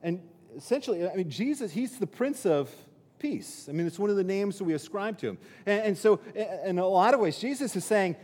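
A man's voice: high voice, expressive, moderate pace, darkish tone. A man preaching a sermon as pastor, in a conversational way, often restarting and acting out quotes. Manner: conversational, repeats words and restarts, acts out quotes. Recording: long reverb of a hall.

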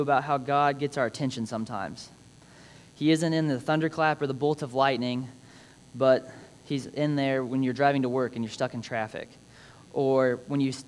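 A young man gives a prepared personal speech about his father, reading scripture in an earnest, reflective way with touches of light humor. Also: medium pitch. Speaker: speaker honoring his father.

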